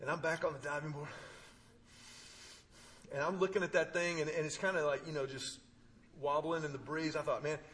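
A man preaching, telling a personal story with humor and emphatic pauses. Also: on the high side, fairly even intonation, a bit bright. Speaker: pastor. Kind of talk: sermon.

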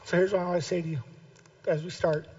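A male pastor preaching a sermon with passion, repeating key phrases and building to shouted calls to keep going. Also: high voice, level tone, fast talker. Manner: impassioned, builds to shouted exhortation. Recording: dull lo-fi recording.

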